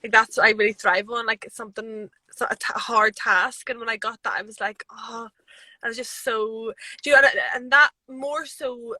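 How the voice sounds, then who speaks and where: A woman MMA fighter being interviewed, telling stories in a chatty, animated way with lots of fillers. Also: fairly high pitch, fairly quick, few pauses, dry recording, low-quality recording. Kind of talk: casual interview chat. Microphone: live video stream.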